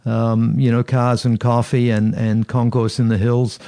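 A man being interviewed about organizing car shows, talking in a halting way with many pauses and restarts. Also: mid-range voice, little pitch movement, dark tone, clear, resonant tone, dry recording, clean studio sound. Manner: halting, frequent fillers and restarts. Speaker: car show founder. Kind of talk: casual interview conversation.

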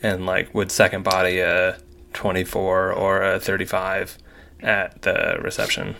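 A man's voice: deep voice, completely flat delivery, a little slow, creaky, bright, forceful tone, slight background noise. A man co-hosting a podcast, joking and self-deprecating in casual banter. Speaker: podcast co-host.

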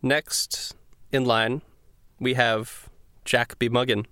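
Hesitant game master on a call. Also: male voice, slow pace, dry recording, studio quality. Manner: hesitant, many fillers and restarts, animated pitch jumps. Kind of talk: narrating a tabletop game.

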